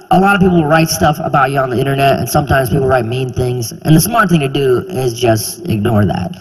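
A man in his twenties performing a stand-up comedy routine, animated and incredulous, sometimes bursting into shouts, on a handheld mic on a theater stage. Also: mid-range voice, slightly rough. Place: theater stage before a live audience. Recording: reverberant live hall, faint ambience.

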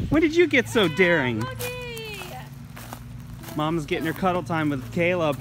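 A man's voice: on the high side, sing-song, unhurried, long pauses, noisy background. A man hosting a family vlog at home, a father talking casually to the camera with joking, self-mocking asides.

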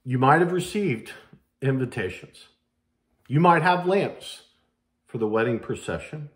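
A man's voice: mid-range voice, expressive, measured pace. A man preaching a sermon as pastor, dramatic and acting out quoted voices.

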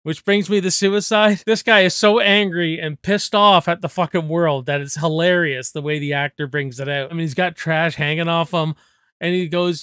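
A man's voice: a little high, steady tone, moderate pace, sharp tone, clear, resonant tone, no room sound, clean studio sound. A man in his forties hosting a casual movie discussion, talking enthusiastically and swearing freely. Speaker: movie review host.

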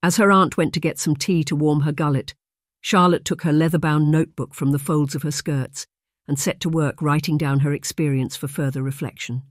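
Even, steady audiobook narrator for a romance; mid pitch, dead dry sound. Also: brisk, dry recording. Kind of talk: scripted narration.

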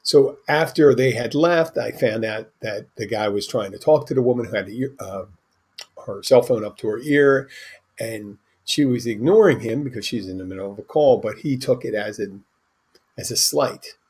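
A man's voice: mid-range voice, moderate pace, darkish tone, husky. A man hosting a podcast, telling a bartending story in a rambling, anecdotal way with restarts and asides. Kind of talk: casual storytelling monologue.

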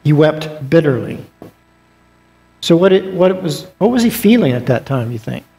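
A man's voice: on the high side, sing-song, moderate pace, warm tone. A man teaching a Bible class in a church auditorium, conversational, with joking asides, reading scripture aloud. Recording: long reverb of a church auditorium.

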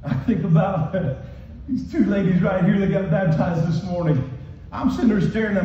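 A man's voice: high voice, normal speed, mellow, slight background noise. A man preaching a passionate sermon as pastor, calling out to the congregation as he goes. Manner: impassioned preaching with call-and-response. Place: church hall with congregation. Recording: echoey, distant, muffled hall recording.

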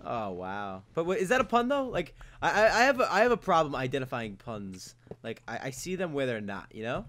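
A man's voice: medium pitch, big pitch swings, a little fast, a bit bright. A young man chatting casually while playing a game, rambling and questioning himself in a playful way. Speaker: gamer. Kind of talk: casual gaming chat.

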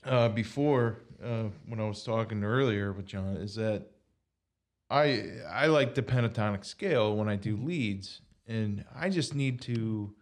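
A man hosting a podcast, talking casually in a halting way and repeating words as he thinks. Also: lowish voice. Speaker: podcast host.

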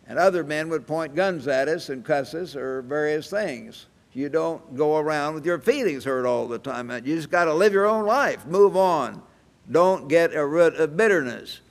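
Gravelly old man preaching in a hall. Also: a little high. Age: 80s. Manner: folksy anecdotal storytelling with chuckles. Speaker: church evangelist preaching. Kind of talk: sermon. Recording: reverberant hall sound.

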